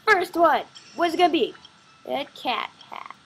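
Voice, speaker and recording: Excitable chatty woman at home. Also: sits high, measured pace, soft background music, rough recording. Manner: excitable, chatty, full of fillers. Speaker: gaming vlogger. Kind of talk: rambling gameplay chatter. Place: at home by a computer.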